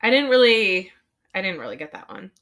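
A woman podcast co-host from Southern California, a parent, chatting casually and quickly about a cartoon episode. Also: medium pitch. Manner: chatty, animated, quick retelling with acted-out quotes. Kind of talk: casual chat recapping a cartoon.

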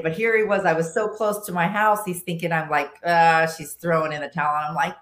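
A woman telling a story in casual chat as a podcast guest. She is animated, often restarts her sentences, and acts out the voices of people she quotes. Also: on the low side, brisk, echoey room. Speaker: podcast guest, long-distance motorcycle rider.

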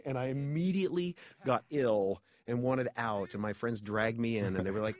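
A man on a film commentary track, telling stories in an excitable, animated way. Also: mid-range voice, fairly quick, hardly any pauses. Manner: animated, excitable storyteller with wild swings. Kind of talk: casual commentary chat.

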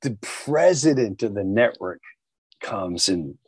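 A man's voice: fairly low pitch, slow, husky, no echo. A man in his fifties from New York, animatedly telling comedy stories in a casual chat. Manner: animated, doing voices of people in his stories.

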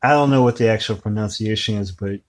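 A man co-hosting a podcast in casual chat, making wry deadpan jokes. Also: lowish voice, fast. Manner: joking, wry, deadpan asides. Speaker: podcast co-host.

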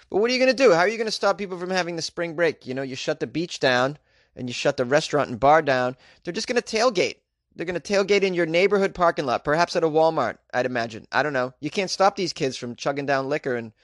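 A man's voice: on the high side, a bit bright, no room sound, clean studio sound. A man doing a casual comedic monologue, sarcastic and mocking as he reads and riffs on news items. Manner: sarcastic, mocking, chuckling asides. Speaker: comedic commentator.

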